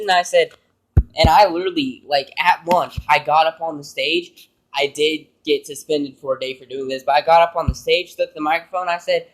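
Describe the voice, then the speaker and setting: A man's voice: a little high, a little fast, rough recording. A man vlogging, telling an emotional personal story in an earnest, rambling way.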